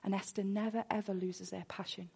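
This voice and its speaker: A woman's voice: medium pitch, flat delivery, fairly quick, vocal fry, mellow, breathy edge. A woman preaching a sermon full of personal testimony, earnest, and she repeats words when she gets worked up.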